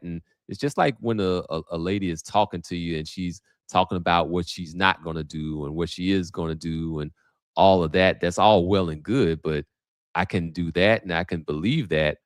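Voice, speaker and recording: A low-voiced man hosts a livestream, recorded at studio quality with no room sound. His commentary is casual, thinking out loud with many restarts.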